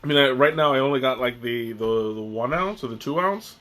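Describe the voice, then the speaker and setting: A man's voice: medium pitch, brisk, fairly bright tone. A young man hosting a live tea tasting stream, chatting casually in a rambling way with restarts and chuckles.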